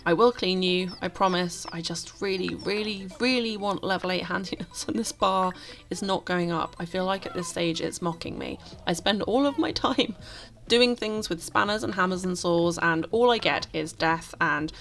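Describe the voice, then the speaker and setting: Woman with a gravelly, fry-tinged voice. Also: on the low side, moderate pace. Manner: expressive, exasperated, dramatic outbursts. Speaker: gameplay commentator. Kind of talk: casual let's-play commentary.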